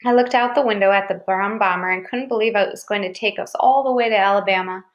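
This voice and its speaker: A woman reading a novel aloud as first-person narration, in an even, steady manner. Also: medium pitch, quick pace, muffled recording. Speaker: audiobook reader.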